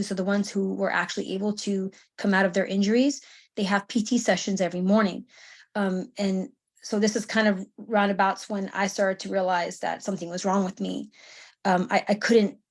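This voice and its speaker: A woman's voice: mid-range voice, level tone, brisk. A woman in her thirties, a veteran on a panel, telling her story casually over a video call, with many fillers and restarts.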